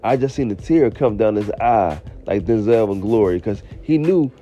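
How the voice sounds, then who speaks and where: A man acting out a blunt woman coworker, set a little lower than his own voice and mellow in tone. She talks in a slangy, matter-of-fact way with no shame. The audio is slightly muffled, with faint music underneath. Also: animated, moderate pace, lightly acted. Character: brash blunt woman coworker telling her story.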